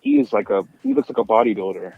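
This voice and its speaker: A man co-hosting a podcast who retells film scenes with energy and acts out the characters in quick voices. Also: medium pitch, huge pitch swings, gravelly, slightly rough, no room sound, phone-quality sound. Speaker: podcast co-host. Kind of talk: casual film review chat.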